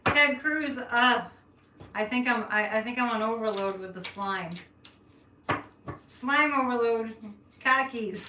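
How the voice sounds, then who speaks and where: Her voice sits on the high side, and she takes it slowly with frequent pauses. She's a livestreaming psychic from the Boston area with a light local accent, reading cards, talking with viewers, laughing often, and thinking aloud, captured by a distant mic in an echoey room with faint noise.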